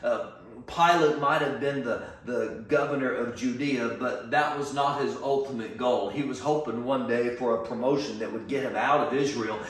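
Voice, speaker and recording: Preacher guy explaining scripture, mid-pitch voice, lots of room echo, mic a bit far off. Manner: measured, explanatory, acts out quoted lines. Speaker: pastor. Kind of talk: Bible teaching sermon. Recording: echoey room, from a distance.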